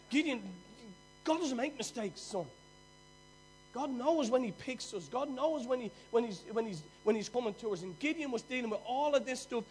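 Irish guy preaching, high voice, tells it like a story, goes loud then hushed, bit of music underneath. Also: animated, fairly quick, low-quality recording. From Ireland. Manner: storytelling with sudden loud bursts and hushed drops. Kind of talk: sermon.

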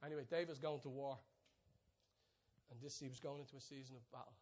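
A man preaching a sermon, telling stories with many restarts, dropping to hushed asides and rising to excited peaks. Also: medium pitch, fast talker. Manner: storytelling, swings from soft hushed asides to loud excited peaks.

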